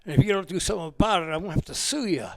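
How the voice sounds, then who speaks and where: A man's voice: high-pitched, animated, racing, creaky, no echo, studio quality, voice pushed up. An old man voicing an exasperated threatening father. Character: angry father, a stern middle-aged man.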